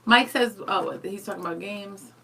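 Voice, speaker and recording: A woman's voice: mid-range voice, moderate pace, creaky, pushed and bright, a little hiss or hum. A woman co-hosting a radio show, answering quiz questions in playful casual chat. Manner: playful, laughs easily.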